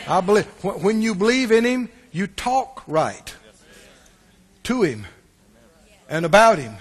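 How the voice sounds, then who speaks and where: A man's voice: sits high, expressive, moderate pace, pauses often. A pastor preaching a sermon, emphatic and questioning his listeners. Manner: emphatic, asks the congregation questions.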